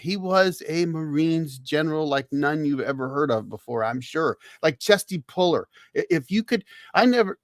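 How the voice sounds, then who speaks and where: A man's voice: fairly high pitch, dry recording, clean studio sound. A man in his fifties, a former Marine, casually telling a salty, folksy story with cussing on his livestream. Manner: folksy, salty veteran's yarn with cussing and laughs. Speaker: host.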